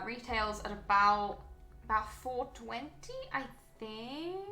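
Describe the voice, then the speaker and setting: In an echoey room, a woman with a bright, forceful mid-range voice narrates her live painting stream. It's casual chatter full of ums as she thinks aloud while she works.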